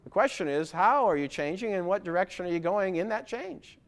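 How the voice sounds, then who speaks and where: Male preacher with a high-pitched voice, earnest and exhorting, putting pointed questions to the congregation. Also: lively intonation, brisk. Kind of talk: sermon.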